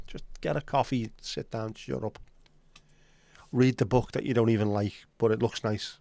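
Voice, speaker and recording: A man rants sardonically and swears freely while hosting a casual livestream. His voice sits at an ordinary middle pitch. The sound is dry and close, with no room echo. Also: moderate pace, gravelly, a little mellow. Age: 50s. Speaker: livestream host.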